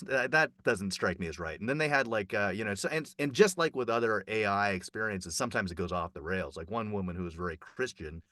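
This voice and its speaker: A chatty man with a bright, forceful voice, recorded dry and close. He rambles through a festival report with plenty of fillers and restarts. His pitch leaps up when something excites him, though his voice sits fairly low. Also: dry recording. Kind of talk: casual conversational report.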